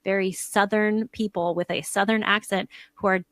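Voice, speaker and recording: A woman's voice: mid-range voice, fairly even intonation, fairly bright tone, no echo. Chatty enthusiastic woman film reviewer. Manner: chatty, enthusiastic, quick asides. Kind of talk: casual conversational review.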